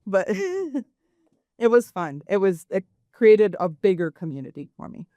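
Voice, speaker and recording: A woman's voice: medium pitch, sing-song, a little slow, dark tone, no room sound. A woman in her fifties, a panelist and former show booker, telling stories in a chatty way with light laughs. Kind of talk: live panel Q&A.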